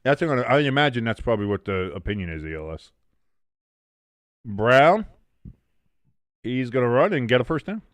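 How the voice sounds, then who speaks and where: A young man streams a football game as a watch-along host, commenting casually, reading chat aloud, and swearing freely. His mid-range voice is very animated, his pace moderate with frequent pauses, and there is no echo.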